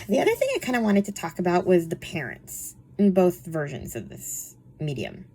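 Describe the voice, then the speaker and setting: A woman's voice: fairly low pitch, sing-song, moderate pace, a little mellow, slight background noise. A young woman reviewing books in a casual, chatty way, full of fillers and frequent laughter. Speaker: book reviewer. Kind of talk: casual chat.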